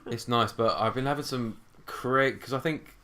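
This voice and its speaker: A man's voice: mid-range voice, moderate pace, sharp tone, a little hiss or hum. A man co-hosting a podcast, chatting casually with friends and rambling through jokey explanations. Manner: laid-back, joking, rambling explanations. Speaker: podcast co-host. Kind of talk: casual chat.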